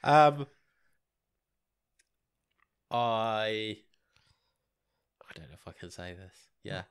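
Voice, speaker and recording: A man with a cold and a husky, congested voice, co-hosting a casual chat podcast with dry, playful banter. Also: fairly low pitch, expressive, drawn-out words. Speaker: podcast co-host.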